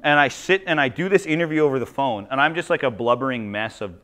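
A man from Ontario, a teacher telling jokey, animated stories in a conference talk. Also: medium pitch, fast, few pauses. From Ontario, Canada. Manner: animated, jokey, acts out quoted voices. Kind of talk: humorous storytelling presentation.

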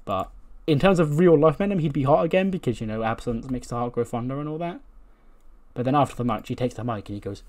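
A man's voice: mid-range voice, animated, fast talker, darkish tone. A man casually narrating his wrestling simulation playthrough, chatty, laughing at his own jokes and swearing now and then. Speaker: gaming commentator. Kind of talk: casual play-by-play of a wrestling sim game.

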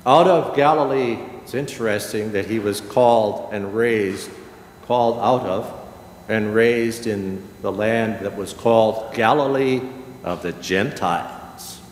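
An older man, a pastor, preaching a sermon slowly and emphatically, with dramatic pauses. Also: lowish voice, slight background noise. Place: church sanctuary. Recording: echoey church hall with long reverb.

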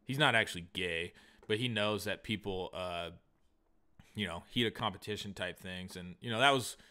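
A man co-hosting a comedy podcast, telling a long profane story in a casual, animated way. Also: sits low, moderate pace. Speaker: podcast co-host.

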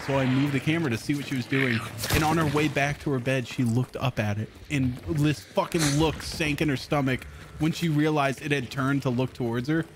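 A man telling a story and swearing casually while playing a game with friends. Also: medium pitch. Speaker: streamer, father. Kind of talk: casual gaming chat. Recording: noisy stream audio.

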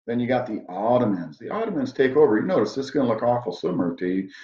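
Walking through a map in a jokey history lesson, a man speaks fast and very animatedly in a medium-pitched, dark-toned voice. The sound is dull and lo-fi, with room echo.

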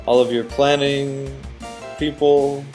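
A man narrates his own gameplay in a loose, excitable way, cheering the hero on and thinking out loud about what the boss will do next. His voice sits at an ordinary middle pitch. Soft game music plays faintly beneath him. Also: takes it slowly. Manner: excitable, talks to the game character. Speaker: let's play host. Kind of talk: casual gameplay commentary.

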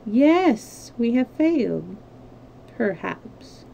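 A woman reading the lines of a sly, sarcastic French male agent in a smooth, mocking voice. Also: on the high side, sing-song, drawn-out words, heavily acted, poor audio. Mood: sardonic. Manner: smooth, mocking, quietly menacing.

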